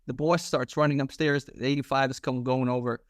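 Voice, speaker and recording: A man in his thirties, a former police officer guesting on a podcast, telling a story casually in a slangy, animated way and acting out the dialogue. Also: medium pitch, brisk, dry recording, clean studio sound.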